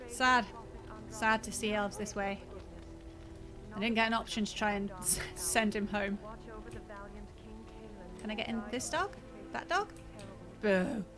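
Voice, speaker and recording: A woman's voice: mid-range voice, steady tone, measured pace, pauses often, over music. A woman streaming a video game, chatting casually and joking sarcastically at the screen. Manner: playful, giggly, sarcastic. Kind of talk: casual gameplay commentary.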